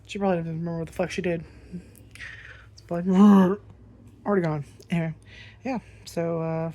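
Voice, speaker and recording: Woman vlogger, casual storytime rant, slightly low voice, rambling, freely profane. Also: fairly even intonation, normal speed, mellow. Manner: rambling, swears freely, lots of fillers.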